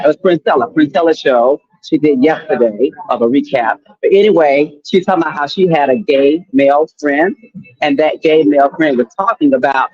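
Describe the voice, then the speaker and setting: A man on a talk panel, blunt and quick to cut in with his view. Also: a little high, breathy edge, dry recording, highs cut off. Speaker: panel guest.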